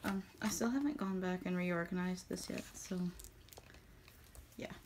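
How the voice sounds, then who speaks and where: A woman's voice: fairly low pitch, a little slow, slight background noise. Rambling young woman. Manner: rambling, emotional, giggly. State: tearing up. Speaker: vlogger. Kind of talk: casual chat while organizing photocards.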